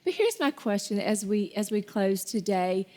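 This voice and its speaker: A woman's voice: mid-range voice, lively intonation, moderate pace, a little mellow. A woman hosting a Christian talk show, speaking with effusive, faith-filled encouragement.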